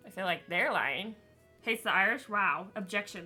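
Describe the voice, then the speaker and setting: A woman's voice: mid-range voice, animated, normal speed, sharp tone, breathy edge, soft background music. A woman chatting casually and rambling as she streams a story game, laughing often. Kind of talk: casual chat while gaming.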